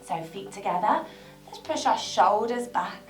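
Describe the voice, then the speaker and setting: A young woman guiding a children's yoga class, bright and encouraging, with playful high sound effects. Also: animated, unhurried. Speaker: kids yoga teacher. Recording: echoey room with background music.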